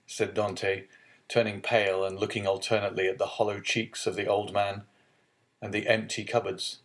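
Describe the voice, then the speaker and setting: A man narrating a classic novel as an audiobook, in a steady, measured reading. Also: lowish voice. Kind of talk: scripted narration.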